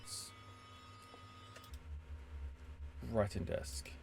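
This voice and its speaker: A man's voice: a little slow, darkish tone, slight background noise, natural voice. A man voicing a drunk, bitter, scheming male writer in a story game, reading his lines with slurring self-pity that turns to snarling threats.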